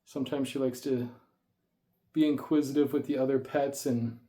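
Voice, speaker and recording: A man's voice: mid-range voice, flat delivery, normal speed, mellow. A man telling stories in a casual vlog, a bit winded after the gym, rambling and chatty, recorded indoors at home on a camera on a tripod. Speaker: snake keeper vlogger.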